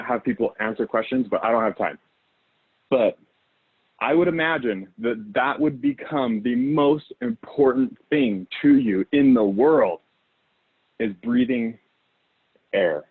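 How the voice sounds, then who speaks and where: A man's voice: medium pitch, breathy edge. A man giving a motivational talk. He walks listeners through a guided visualization, rambles, acts out their inner thoughts, and keeps checking in with "okay?" and "right?". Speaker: motivational speaker. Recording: thin phone-like line.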